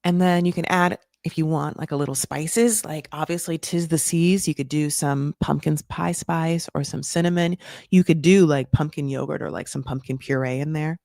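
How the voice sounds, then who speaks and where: A woman's voice: low-pitched, normal speed, creaky, a little mellow, no echo, clean studio sound. A woman hosting a casual reality-show recap, gossipy and sarcastic, swearing and filling her talk with "like".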